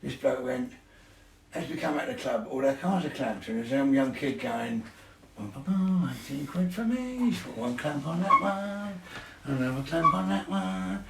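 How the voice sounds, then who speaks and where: A gravelly-voiced middle-aged man tells his stories in loose chat, swearing freely and laughing as he goes. He sounds set back from the mic in an echoey room, with faint noise behind him. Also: mid-range voice, moderate pace, far from the mic. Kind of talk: casual storytelling.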